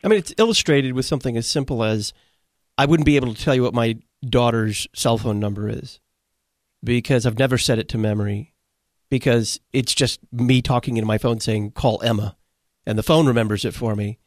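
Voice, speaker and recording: A man from Texas hosting a theological radio discussion, asking his questions in a measured, deliberate way. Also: medium pitch, no room sound, clean studio sound. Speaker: radio host.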